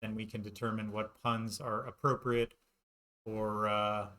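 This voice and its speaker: Pria bercanda dari jauh di ruangan bergema. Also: male voice, on the low side, level tone, measured pace, pushed and bright. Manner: jokey, punning, crude asides. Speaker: YouTube host. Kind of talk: casual joking vlog. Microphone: camera mic from a distance. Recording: roomy echo, far from the mic, faint noise.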